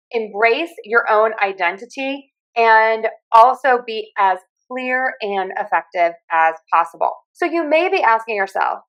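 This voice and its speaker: Woman, softened Pittsburgh accent, podcast host, solo talk, clear and instructive. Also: medium pitch, highs cut off. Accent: Pittsburgh, softened by years in other US regions. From Western Pennsylvania. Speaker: podcast host and communication coach.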